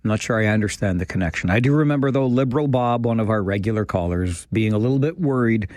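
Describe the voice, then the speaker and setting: A man's voice: lowish voice, fast, a little mellow, no room sound. A man hosting a call-in radio show, taking callers with dry, sarcastic banter. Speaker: radio talk show host. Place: radio studio.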